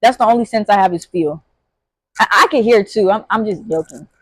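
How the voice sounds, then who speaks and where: A young woman telling a story in a casual vlog, animated and slangy, with full of fillers, jumping into high shouts when acting out scenes. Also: fairly quick, slightly rough, no echo, poor audio. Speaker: vlogger.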